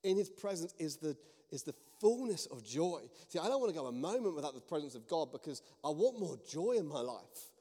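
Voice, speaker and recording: A man, a priest preaching a sermon, telling stories in an earnest, animated way. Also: a little high, brisk. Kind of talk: sermon with storytelling. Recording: long reverb of a large hall.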